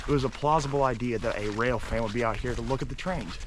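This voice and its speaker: A man vlogging casually outdoors near railroad tracks, rambling with many fillers and sometimes dropping to a hush. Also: mid-range voice, quick pace, background noise. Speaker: urban explorer vlogger. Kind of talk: casual vlog narration.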